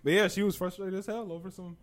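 A man's voice: high-pitched, steady tone, quick pace. A young man in casual chat with friends, retelling a story with a lot of swearing and frequent laughter.

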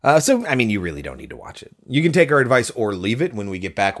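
A man's voice: quick pace, hardly any pauses. A man with a sick voice co-hosting a podcast, giving an opinionated, casual movie review. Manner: animated, opinionated, swings pitch when emphasizing. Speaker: podcast co-host.

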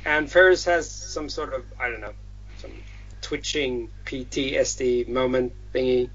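Husky man retelling a story casually. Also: medium pitch, a little slow. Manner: rambling, animated retelling full of swearing and slang. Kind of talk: casual chat. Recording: dull lo-fi audio.

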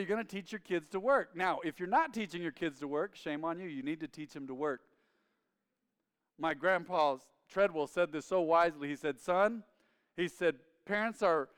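A man preaching a sermon as a pastor, telling family stories in an animated way and acting out his father's lines loudly. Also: high-pitched, clean tone. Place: church sanctuary. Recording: reverberant church sanctuary.

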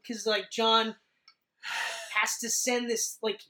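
A man in casual chat about a movie, talking excitedly and swearing a lot. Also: sits high, normal speed, distant mic, rough recording. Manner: excited, profane, swears often.

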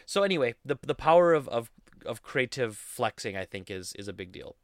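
A man's voice: mid-range voice, sing-song, a little fast, no room sound. A young man hosting a casual solo podcast, rambling in a goofy, self-deprecating way into a studio mic. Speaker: podcast host.

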